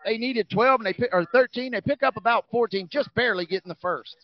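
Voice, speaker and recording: Male play-by-play caller, higher voice, energetic, dry lo-fi broadcast sound. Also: fast talker. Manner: energetic, rising on big plays. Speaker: play-by-play announcer. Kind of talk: high school football commentary.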